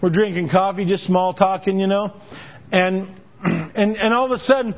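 A man's voice: high-pitched, fairly even intonation, moderate pace. A man preaching a sermon, telling a personal story in a conversational way, often restarting and repeating words. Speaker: pastor. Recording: dull lo-fi recording.

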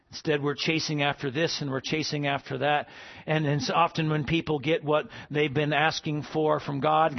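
A man's voice: fairly high pitch, dull audio. A man preaching a sermon as pastor, calling out to the congregation with asides. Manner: preaching with call-and-response asides.

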